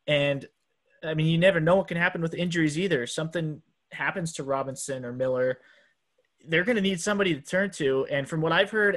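A man's voice: fairly high pitch, fairly bright tone. A man co-hosting a sports podcast, talking earnestly in casual chat with frequent restarts. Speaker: podcast co-host.

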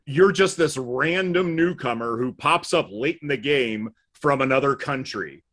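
A man's voice: medium pitch, lively intonation, measured pace, fairly bright tone. Wry, storytelling middle-aged man. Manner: wry, self-deprecating storyteller. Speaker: podcast guest. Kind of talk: casual conversational storytelling.

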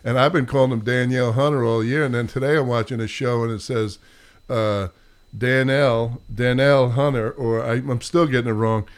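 A man's voice: mid-range voice, steady tone, a little fast, clean tone. A man with a New York accent hosting a casual sports chat, rambling and poking fun at himself. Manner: rambling, self-mocking. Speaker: podcast host.

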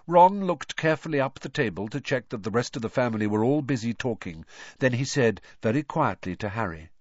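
A man narrating an audiobook in an expressive storytelling manner. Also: mid-range voice, fairly quick, no echo, lo-fi sound. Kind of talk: scripted narration.

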